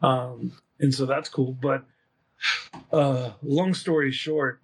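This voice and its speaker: Husky-voiced man in easygoing chat. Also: mid-range voice, fairly even intonation, slow pace. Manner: easygoing, hesitant, many fillers. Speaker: host leading the round of stories. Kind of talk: casual chat among friends.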